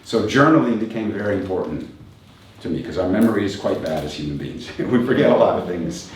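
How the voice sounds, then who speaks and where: A man in his fifties with a fairly low voice, speaking as a coach to a live audience. He is reflective, poses rhetorical questions and chuckles along the way. He is heard from a distance in a very echoey room with faint background noise. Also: expressive, fairly quick. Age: 50s. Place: event venue with a live audience.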